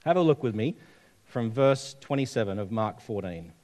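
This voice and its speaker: A man's voice: mid-range voice, expressive, normal speed, a little mellow. A man preaching a sermon, telling stories and asking the congregation questions. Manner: storytelling, conversational, asks the audience questions.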